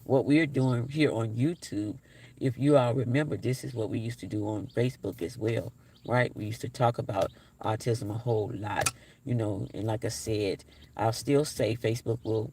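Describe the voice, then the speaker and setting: Gravelly forties guy on a live stream, low energy, reads comments out and repeats himself. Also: steady tone, normal speed, darkish tone, slight background noise. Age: 40s. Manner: repeats his phrases, talks straight to the chat. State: low energy, flat and tired-sounding. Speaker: livestream host. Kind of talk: casual live-stream chat, reading viewer comments aloud.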